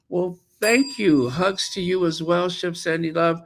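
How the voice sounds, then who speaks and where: Slow, sarcastic male commentary host. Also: high-pitched, steady tone. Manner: sarcastic, mocking. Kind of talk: casual commentary.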